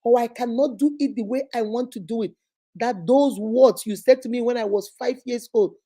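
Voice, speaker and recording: A woman's voice: on the high side, normal speed, dark tone. Emphatic woman giving advice. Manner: emphatic and preachy, acting out little scenes. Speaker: relationship talk host. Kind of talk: live advice talk to viewers.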